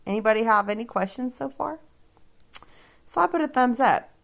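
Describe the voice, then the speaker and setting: A woman's voice: on the high side, animated, moderate pace, gravelly, a bit bright. A woman hosting a casual livestream, talking straight to her viewers in a sarcastic, mocking way. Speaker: livestream host.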